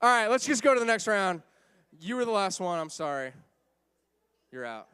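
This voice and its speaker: High-voiced man hosting a rowdy game. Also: big pitch swings, moderate pace, smooth. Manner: playful, teasing, bursts of shouting. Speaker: youth group game host. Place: crowded church room.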